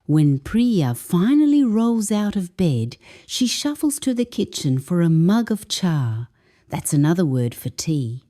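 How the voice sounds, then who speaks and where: A woman reading a scripted lesson narration as an English teacher, explaining phrases deliberately. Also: on the low side, sing-song, dark tone.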